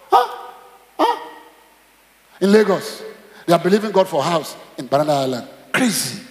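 A middle-aged Nigerian pastor preaching with a high, lively voice that leaps between excited cries and low asides. The recording is roomy, with a long reverb that carries through the church hall. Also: male voice. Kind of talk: sermon.

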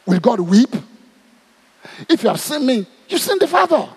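A man's voice: extremely high pitch, moderate pace, husky. A man with a Nigerian accent preaching a sermon, asking his congregation question after question. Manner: animated, asks the crowd questions. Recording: long hall reverb.

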